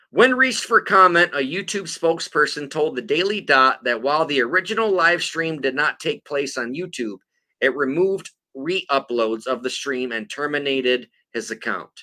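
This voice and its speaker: A man's voice: mid-range voice, bright, forceful tone. A man hosting a podcast, reading news aloud and swearing casually after a few beers. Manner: profane, joking, reads articles aloud. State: tipsy after several beers. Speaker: podcast co-host.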